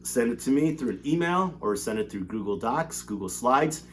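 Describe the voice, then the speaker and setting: A man's voice: medium pitch, normal speed, slight background noise. A male teacher reading a novel aloud to his class from home, then chatting casually about homework. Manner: animated reading, relaxed chatty asides with fillers.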